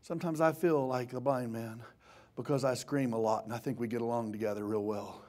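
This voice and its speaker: A man preaching a sermon in a church, swinging from impassioned shouting to hushed tones. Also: mid-range voice, fairly even intonation, a little fast. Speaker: pastor.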